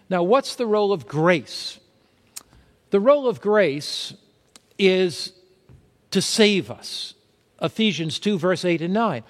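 High-voiced male preacher in a reverberant hall. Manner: rhetorical questions to the audience. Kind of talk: sermon.

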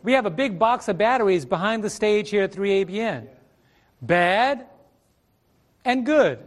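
A man's voice: high-pitched, fast talker. A middle-aged male preacher teaching a Bible study sermon on a ministry stage, asking rhetorical questions and repeating his phrases.

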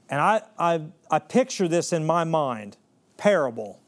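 A man preaching a sermon, dramatic, swinging between soft, slow passages and loud, quick ones, often restarting and repeating words. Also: a little high, sing-song.

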